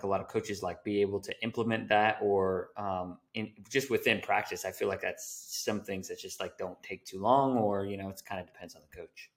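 A man with a somewhat low voice hosts a podcast interview. He asks long, rambling questions and fills gaps with "you know" and "like". He keeps a friendly, casual tone. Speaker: podcast host and basketball coach.

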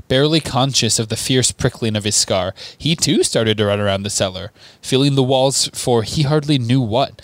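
A man's voice: mid-range voice, no echo. Man reading a book aloud, dry sound. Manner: steady narration with offhand asides. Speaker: podcast co-host reading a novel aloud. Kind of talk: casual read-aloud of a book.

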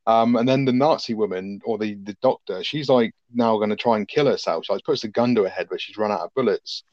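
A man's voice: fairly low pitch, a little fast, a little mellow, dry recording, lo-fi sound. A man co-hosting a podcast, rambling and swearing cheerfully as he recaps a film. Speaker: podcast co-host. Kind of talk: casual film review chat.

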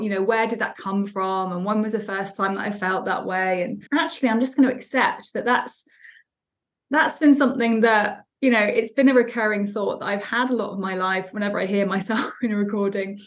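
A woman's voice: medium pitch, fairly even intonation, moderate pace. A woman co-hosting a podcast who speaks reflectively and asks questions at length in casual conversation. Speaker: podcast co-host. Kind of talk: casual chat.

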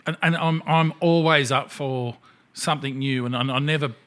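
Middle-aged aussie guy hosting a podcast, blunt, swears a lot, mid-pitched voice. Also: steady tone, moderate pace, a bit bright. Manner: blunt, swears freely, laughs at himself. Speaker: podcast host. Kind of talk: casual chat.

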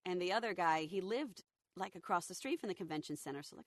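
Woman voice actor, interview guest. Low and deep, recovering from illness, animated storyteller. Dry close recording. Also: brisk, no room sound. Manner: lively anecdotal, acts out quotes.

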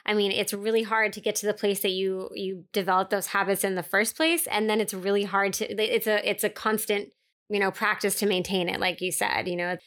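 A woman's voice: medium pitch, little pitch movement, fairly quick, fairly bright tone. A woman co-hosting a podcast, supportive and agreeable in conversation. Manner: supportive, agreeable, many backchannels. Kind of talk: conversational chat.

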